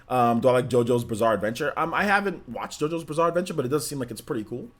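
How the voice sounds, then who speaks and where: A young man hosting a casual livestream, reading chat questions and answering in a relaxed, rambling way with many ums and likes. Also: fairly quick. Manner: lifts voice when animated, drops to flat low tone otherwise. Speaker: livestream host.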